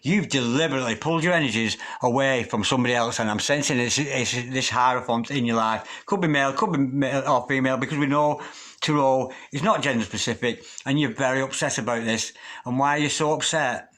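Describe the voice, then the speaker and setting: Man, tarot reader, casual chatty reading, mid-pitched voice, calls on spirit guides. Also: fairly quick, a bit bright.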